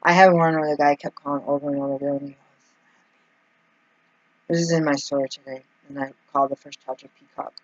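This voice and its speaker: A woman vlogger tells a casual, rambling story packed with filler words, acting out the quoted lines of the people in it. Her low voice holds a steady tone and runs fast with long pauses, on a dry, lo-fi recording.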